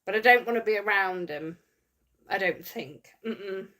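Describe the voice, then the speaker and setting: A chatty woman hosts a livestream and reads out her viewers' comments. She giggles often and talks in a loose, friendly way. Her voice sits at an ordinary middle pitch for a woman. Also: unhurried, fairly bright tone. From United Kingdom. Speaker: livestream host reading chat. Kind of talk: casual livestream chat.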